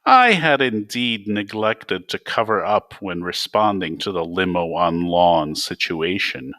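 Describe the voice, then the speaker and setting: A man's voice: deep voice, unhurried, hardly any pauses, sharp tone, no room sound. A man reading his own novel aloud in a dry, wry first-person voice.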